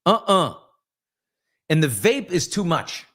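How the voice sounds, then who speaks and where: A man's voice: on the high side, sing-song, slow, fairly bright tone. A man in his fifties hosting a casual live chat, reading viewer comments and telling candid, rambling stories. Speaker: host.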